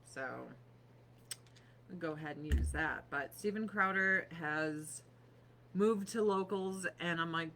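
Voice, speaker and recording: A woman's voice: fairly low pitch, slow, a bit bright, a little hiss or hum. A woman in her thirties chatting casually on a livestream from her home office desk, profane and sarcastic.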